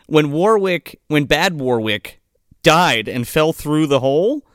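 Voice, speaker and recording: Lively man riffing on a movie. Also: a little high, takes it slowly, clear, resonant tone, no room sound, studio quality. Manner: riffing, indignant, profane. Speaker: podcast co-host. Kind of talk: casual movie recap chat.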